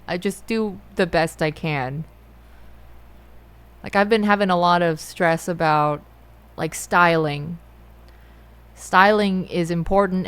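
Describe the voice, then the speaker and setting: Slow, halting young woman reflecting aloud. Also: on the low side, smooth. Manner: halting, self-reflective, often rephrasing. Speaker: musician and host. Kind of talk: personal confessional monologue.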